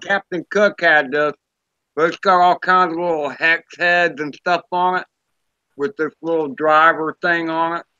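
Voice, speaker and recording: A man's voice: a little high, steady tone, a little slow, sharp tone, clear, resonant tone, no room sound, lo-fi sound. A man guesting on a casual podcast chat, rambling and hesitant as he speaks.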